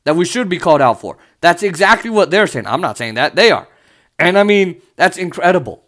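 Guy with a pretty high voice going off on politics, sarcastic and cursing a lot. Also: sing-song, brisk, a bit bright. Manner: heated, sarcastic, swears often. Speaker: political commentator. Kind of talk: ranting political commentary.

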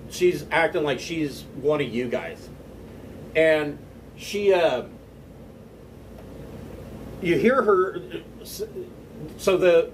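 A man's voice: fairly high pitch, far from the mic, a little hiss or hum, rough recording. A man narrating a tabletop game as game master, hesitant, with many fillers and restarts.

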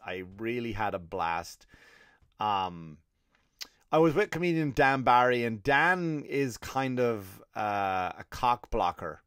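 Irish male comedian podcaster, mid-pitched voice, dry close recording, sarcastic and rambling. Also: no echo. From Ireland. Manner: sarcastic, rambling, profane, with frequent restarts. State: scratchy throat. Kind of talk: casual solo comedy monologue.

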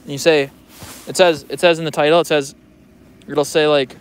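A man's voice: a little high, little pitch movement, moderate pace, pauses often, smooth. Joking young man rambling on a vlog. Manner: joking, rambling, swears freely. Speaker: vlogger. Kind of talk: casual rambling vlog commentary.

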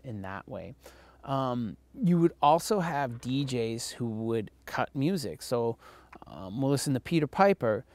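A man's voice: mid-range voice, a little mellow, dry recording. A man giving a casual recorded lecture as a college instructor, loose and profane, with lots of fillers.

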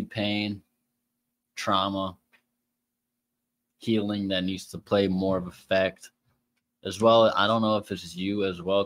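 A man's voice: fairly low pitch, no room sound. A man doing a casual tarot reading by zodiac sign, talking in a slangy, profane, joking way. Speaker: tarot reader.

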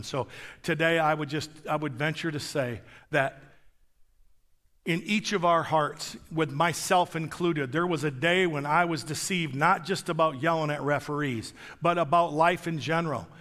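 Older guy preaching, tells his story with jokes at himself, a bit high-pitched, echoey church hall, faint music. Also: moderate pace. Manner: storytelling, animated, self-deprecating humor. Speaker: guest pastor. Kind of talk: sermon with personal testimony. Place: church sanctuary.

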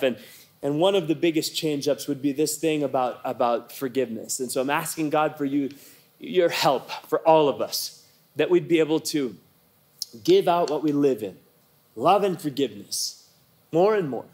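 A man's voice: a little high, normal speed, darkish tone. A middle-aged man preaching a sermon as a pastor, telling a story in a conversational way and leading the congregation in repeated declarations.

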